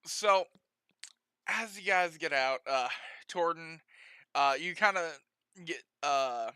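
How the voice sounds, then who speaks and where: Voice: medium pitch, bright, forceful tone, smooth, dry recording. A game master narrating a homebrew tabletop session in a casual, profane way, laughing often.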